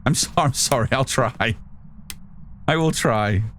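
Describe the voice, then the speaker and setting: A man's voice: mid-range voice, a little slow, fairly bright tone, slight background noise. A man streaming live, chatting casually with lots of restarts and swearing. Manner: rambling, swears freely, many restarts. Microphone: studio mic through an audio mixer.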